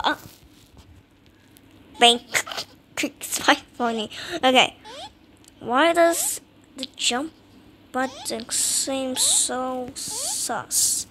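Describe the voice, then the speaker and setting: A woman giving casual commentary while playing a game, excitable and self-mocking, with frustrated outbursts. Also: sits high, slow pace, a little hiss or hum. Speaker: gaming channel host.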